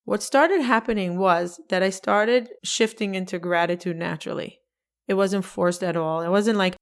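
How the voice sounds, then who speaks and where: A woman in her forties hosting a solo podcast, telling a personal story in an emotional, expressive way and acting out her own past words. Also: medium pitch, normal speed. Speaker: podcast host.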